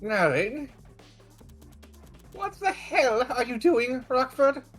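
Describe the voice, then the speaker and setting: A woman's voice: high-pitched, big pitch swings, slow pace, soft background music. A woman co-streaming a story game, teasing her friend, laughing often, and reading a judge's lines aloud.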